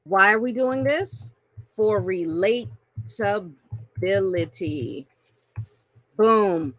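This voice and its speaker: Woman, marketing coach, bright and forceful voice, dry close sound, playful, laughs a lot. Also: mid-range voice, very slow, dry recording. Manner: animated, playful, laughs often, calls listeners y'all. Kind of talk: teaching a marketing lesson with acted-out examples.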